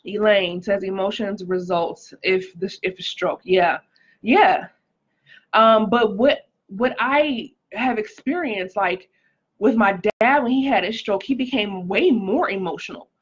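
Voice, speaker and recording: The audio is dull as a woman, speaking a little slowly in a husky, medium-pitched voice, shares a personal testimony on a casual livestream. She greets viewers by name and often says "like" and "um."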